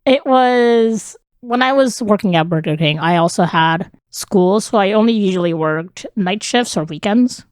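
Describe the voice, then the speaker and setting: A woman's voice: medium pitch, measured pace, few pauses, darkish tone, no room sound, studio quality. A woman co-hosting a podcast, telling stories in casual chat and giggling often. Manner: giggly, laughs through her stories. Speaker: podcast co-host.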